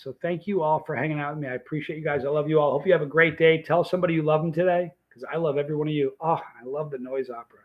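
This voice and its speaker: A man's voice: a little high, poor audio. Rambling man telling a story. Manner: rambling, emphatic, restarts sentences. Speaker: vlog host. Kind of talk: casual livestream storytelling.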